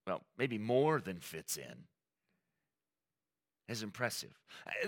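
Male pastor, sermon, conversational and animated, swinging pitch, bright voice. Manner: animated, conversational preaching with quoted asides.

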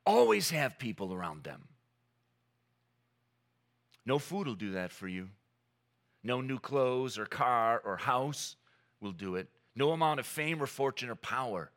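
A male pastor delivers a sermon with an earnest, emphatic style, leaning into dramatic pauses. His pitch swings widely from phrase to phrase, and his voice has a bright, forward edge.

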